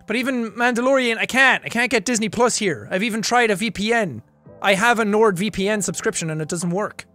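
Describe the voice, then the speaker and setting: A young Irish man casually chatting on a livestream, reading viewer messages and laughing between quick remarks. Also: high-pitched, pushed and bright, soft background music. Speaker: streamer. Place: home recording room.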